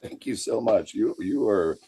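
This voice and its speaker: A man's voice: on the low side, expressive, unhurried, gravelly, dark tone, slightly rough. A man co-hosting a comedy podcast, hesitant and filling gaps with lots of uhs. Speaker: podcast co-host.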